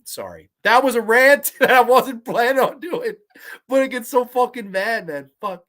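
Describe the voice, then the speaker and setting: A man's voice: extremely high pitch, animated, moderate pace, bright, forceful tone. A man hosting a horror movie show, ranting heatedly and profanely in a casual livestream and breaking into laughter as he reads viewer comments.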